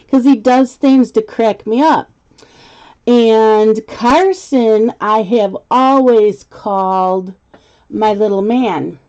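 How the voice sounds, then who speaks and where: A woman's voice: on the high side, drawn-out words, dark tone. A middle-aged woman hosting a casual live stream while coloring, chatty, laughing often and reading viewer comments aloud. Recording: slightly muffled lo-fi stream audio.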